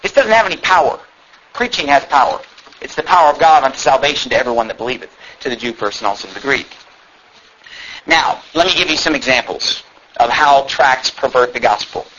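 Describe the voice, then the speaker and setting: A man delivers a fiery sermon from the pulpit, emphatic and sarcastic. His voice sits high and swings widely, with a bright, forceful edge. The recording is a little dull, with a faint steady hum behind him. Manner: emphatic, sarcastic, reads tract dialogue aloud in voices. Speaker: pastor. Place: church.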